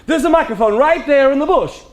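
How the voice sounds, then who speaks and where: A man playing a high, flustered film director. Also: lively intonation, fairly quick. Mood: exasperated. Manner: exasperated, chirpy. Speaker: actor. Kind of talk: stage comedy acting.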